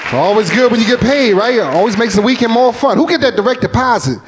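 A man in his forties from North Philadelphia doing a loose, animated stand-up set in a comedy club. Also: very high voice, fast talker, crowd noise, background noise. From North Philadelphia, USA. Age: 40s.

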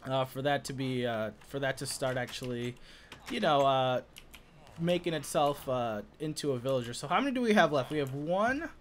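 A man hosting a casual let's-play video, chatty and excitable, talking to his viewers with many filler "uh"s. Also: mid-range voice, moderate pace, a little hiss or hum. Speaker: gaming video host.

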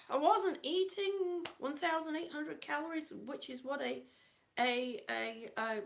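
A woman's voice: high voice, vocal fry, fairly bright tone, a little hiss or hum. A woman from Kansas on oxygen, chatting casually to her live-stream viewers, short of breath and greeting them by name. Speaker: vlogger reading live chat.

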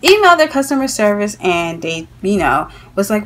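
A young adult woman tells a story straight to camera in a loose, talky vlog style. Her pitch sits at a middling, ordinary level, and she fills her sentences with "like". She sounds animated and exasperated throughout. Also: fairly quick, hardly any pauses, slight background noise. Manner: animated and exasperated, heavy use of "like". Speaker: beauty vlogger. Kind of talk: casual chatty storytelling.

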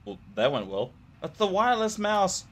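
A man's voice: high voice, very animated, moderate pace, slight background noise. A young man giving gameplay commentary on a horror game, joking and swearing with jumpy reactions. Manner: jokey, profane, jumpy reactions. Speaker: gamer playing a horror game.

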